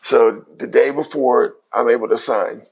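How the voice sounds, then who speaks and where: A man's voice: medium pitch, measured pace, slightly rough. A middle-aged man from Ohio, a former pro basketball player, telling a story in casual slangy talk. He acts out the voices of the people in it. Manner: animated retelling with quoted dialogue, slangy.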